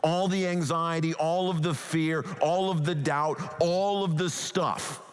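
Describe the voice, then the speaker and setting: A man's voice: a little high, fairly even intonation, a little slow, smooth. A man preaching a sermon as a pastor, earnest and pleading as he talks. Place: church sanctuary. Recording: long hall reverb.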